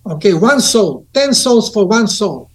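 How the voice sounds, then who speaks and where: High-voiced man telling earnest stories. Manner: earnest, lively storytelling with pauses and restarts. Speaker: guest. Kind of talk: casual conversation.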